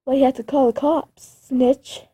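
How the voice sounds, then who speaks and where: A woman's voice: sits high, little pitch movement, normal speed, warm tone, slightly rough. A woman voicing a mischievous young ghost girl who taunts in a sing-song way. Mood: taunting.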